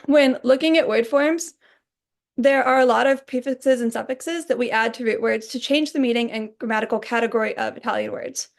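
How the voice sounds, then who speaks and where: A young adult woman giving a recorded class presentation, explaining points in a clear, orderly way. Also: on the high side, a little fast. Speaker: student presenter.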